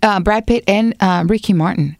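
A woman's voice: medium pitch, moderate pace, no echo, studio quality. A woman co-hosting a podcast in casual chat, mostly giving short agreeing replies and restarting her sentences. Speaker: podcast co-host.

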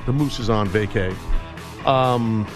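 A man's voice: on the low side, slow, over music. A man hosting a sports radio show in casual chat, rambling with lots of fillers and restarts.

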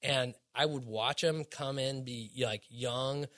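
A man's voice: medium pitch, slow pace, a bit bright. A middle-aged man giving an earnest, casual faith testimony as a podcast guest, full of acted-out quotes.

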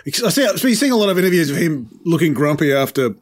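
A man with a British accent softened by New Zealand vowels, co-hosting a casual music podcast with sweary banter. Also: on the high side, very animated, quick pace. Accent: British with slight New Zealand vowels. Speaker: podcast co-host. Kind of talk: casual chat.

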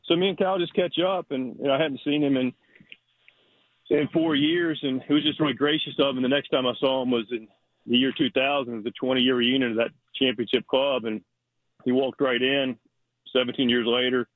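A man's voice: mid-range voice, fairly even intonation, normal speed, no echo. A man, a baseball manager, telling rambling stories as a radio guest over the phone, full of fillers and restarts. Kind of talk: casual storytelling by phone. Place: Florida. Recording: phone line.

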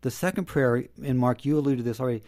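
A middle-aged man speaking earnestly and personally on a roundtable, dropping softly when he quotes his prayers. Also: medium pitch, fast. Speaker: guest. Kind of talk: reflective roundtable talk.

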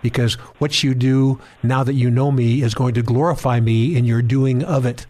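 A man's voice: mid-range voice, fairly even intonation, normal speed. A man hosting a faith talk show, speaking in a preacherly way straight to his listeners. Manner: warm preacherly, addresses listeners. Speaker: host.

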